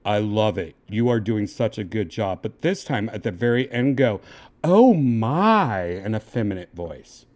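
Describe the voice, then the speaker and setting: A man with a lowish voice hosts a casual livestream. He talks someone through instructions one step at a time, patient and coaxing. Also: normal speed, hardly any pauses, a little mellow. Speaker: livestream host.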